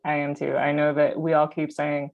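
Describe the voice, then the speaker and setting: A woman's voice: deep voice, completely flat delivery, moderate pace, creaky, a little mellow, highs cut off. A woman moderating a panel discussion, upbeat and bubbly, over a video call. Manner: upbeat, bubbly, easy laugh.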